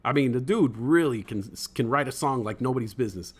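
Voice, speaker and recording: A man hosting a casual livestream podcast, reading chat comments aloud and rambling excitedly, swearing now and then. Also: medium pitch, fairly quick, slightly rough.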